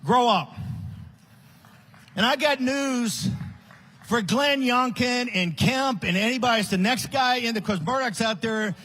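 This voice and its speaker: A man giving a fiery, combative political speech at a conference, often shouting and scornful. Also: very high-pitched, measured pace, pauses often. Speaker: conference speaker. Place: large conference hall.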